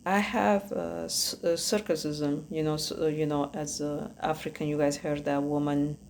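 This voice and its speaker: A woman from Ethiopia with an Ethiopian accent speaks in a low, steady voice with a gravelly fry. She gives earnest personal testimony as a podcast host, halting and searching for words. Faint noise sits behind her.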